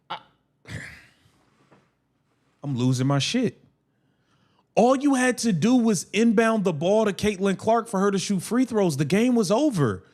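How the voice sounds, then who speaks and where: A man hosting a live game watch-along stream, ranting angrily and swearing at the team. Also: sits high. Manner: angry, profane, shouting rants. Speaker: livestream host.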